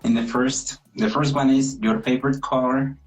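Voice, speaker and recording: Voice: medium pitch, steady tone, normal speed, a little hiss or hum, low-quality recording. Hesitant interviewer asking questions. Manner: hesitant, repeats words.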